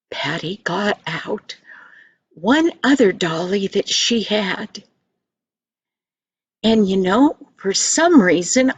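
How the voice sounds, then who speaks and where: An older woman telling a children's story in a gentle, sing-song manner, speaking to the listener directly. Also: fairly high pitch, dry recording, highs cut off.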